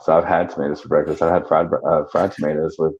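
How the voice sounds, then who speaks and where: A man with a very deep voice and a South Georgia Southern accent holds court on a casual live stream. He rambles, laughs and curses freely. The sound is dull and lo-fi. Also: fast talker. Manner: animated, laughing, swearing, drawling storyteller. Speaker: panel host.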